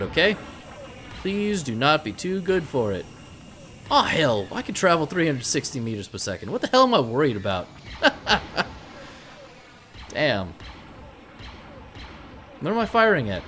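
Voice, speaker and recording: Excitable swearing gamer man. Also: fairly high pitch, normal speed, pauses often, a little hiss or hum. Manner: excitable, swears a lot, talks to the game. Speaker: gameplay commentator. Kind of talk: let's play commentary. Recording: game music underneath.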